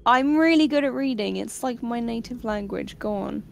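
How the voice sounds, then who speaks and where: Woman, tabletop player, fairly high voice, playful, self-mocking, faint noise. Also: normal speed, creaky. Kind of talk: casual tabletop game chat.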